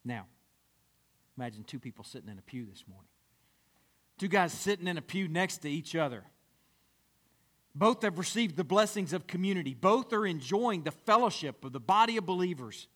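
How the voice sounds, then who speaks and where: Man preaching, high voice, very animated, acts out voices in his story. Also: normal speed, pauses often. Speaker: pastor. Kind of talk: sermon.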